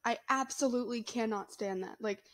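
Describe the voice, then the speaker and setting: Woman, 20s, mom vlogger. Chatty, blunt, slightly high voice. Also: fairly quick, a bit bright. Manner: blunt, chatty, laughs often. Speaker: vlogger, mother. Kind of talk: casual to-camera chat.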